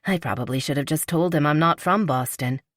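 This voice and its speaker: A woman's voice: deep voice, brisk, fairly bright tone, no room sound, studio quality. A woman reading a polite, shyly playful young woman. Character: young wealthy woman, warm, slightly shy, playful. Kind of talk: audiobook character reading.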